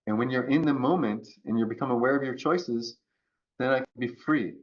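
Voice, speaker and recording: A man talking as a podcast guest about choice and resilience, acting out quoted voices in an animated way. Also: mid-range voice, fairly quick, lo-fi sound. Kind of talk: conversational coaching talk.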